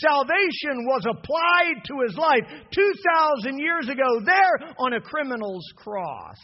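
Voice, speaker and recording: A man preaching an impassioned sermon to his church, building from soft passages to shouted peaks. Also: very high voice. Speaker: pastor. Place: church sanctuary. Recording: dull lo-fi sound with long hall reverb.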